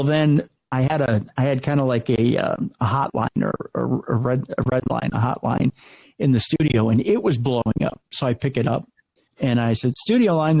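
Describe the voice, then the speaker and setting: A middle-aged man who hosts radio tells stories in a casual interview, his medium-pitched voice animated as he acts out the people he quotes. He restarts many times along the way. The audio is poor, though without echo.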